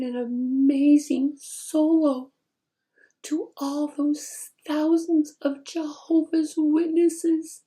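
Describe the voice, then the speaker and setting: A man voicing his older mother, who speaks in a soft, tearful, pleading whisper. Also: sits high, pitched above the performer's own voice.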